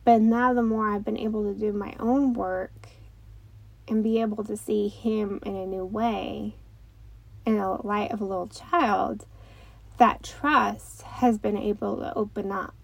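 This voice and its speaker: A woman in her thirties, a mother and host, talking gently and reflectively in a casual way, with many fillers. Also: mid-range voice, steady tone, measured pace, creaky, dry recording, low-quality recording. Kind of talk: casual talk.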